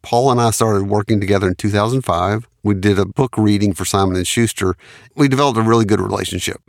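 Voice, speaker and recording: A man's voice: lowish voice, fast talker, vocal fry, no room sound. A man, a studio engineer and producer telling anecdotes in an interview and laughing often. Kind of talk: storytelling in an interview.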